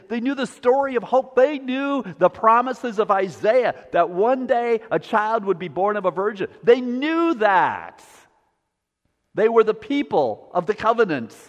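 A male pastor preaching a sermon with a repetitive cadence, building up and then dropping to a quiet, low delivery. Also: sing-song, a little slow, muffled recording. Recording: long hall reverb.

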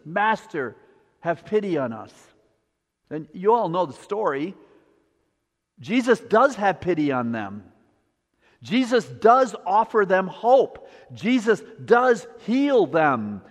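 A male pastor preaching a sermon with a repetitive cadence, building up and then dropping to a quiet, low delivery. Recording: long hall reverb.

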